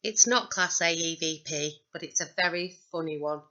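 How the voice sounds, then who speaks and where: A Northern English woman talks over her recordings in a chatty, wry voice. Her voice sits slightly low but is bright and forward. The sound is dull and lo-fi. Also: normal speed. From north of England. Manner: chatty and wry, dry humour. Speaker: paranormal investigator presenting recordings. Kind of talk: narrated commentary over recorded clips.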